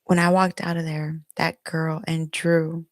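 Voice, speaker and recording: A woman's voice: low-pitched, little pitch movement, measured pace, no echo. A middle-aged woman hosting her own podcast, telling a personal story candidly and emotionally while recording herself at home. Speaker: podcast host. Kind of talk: personal confessional monologue. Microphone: recording herself on video.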